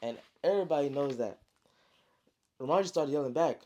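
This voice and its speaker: Man, casual storytelling, slangy, sound effects, a bit high, mellow. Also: lively intonation, a little fast. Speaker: storyteller, author.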